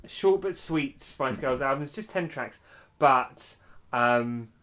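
A man co-hosting a podcast in casual chat, relaxed and chatty as he announces each track. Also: medium pitch, slow pace, a little hiss or hum. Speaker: podcast co-host.

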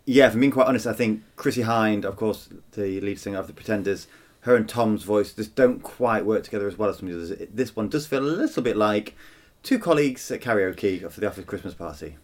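Brief: male co-host, lowish voice, dry teasing opinions, casual chat. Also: fast. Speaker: podcast co-host. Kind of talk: casual chat reviewing an album.

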